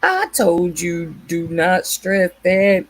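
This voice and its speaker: A woman's voice: lowish voice, very animated, slow. A woman hosting a casual late-night livestream, chatting with viewers by name and laughing often. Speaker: livestream host.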